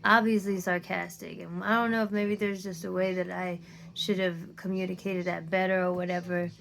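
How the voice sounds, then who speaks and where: A woman's voice: on the low side, little pitch movement, normal speed, vocal fry, fairly bright tone. A woman ranting to her phone camera, tired and near tears, frustrated and swearing often. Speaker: content creator. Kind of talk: emotional rant to camera.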